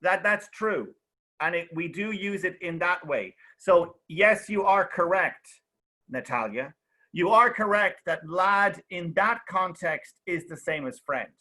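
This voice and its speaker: A man's voice: high voice, expressive, measured pace, sharp tone. A young man teaching an online English class in a chatty way, explaining with lots of examples and checking in with "okay?" and "right?".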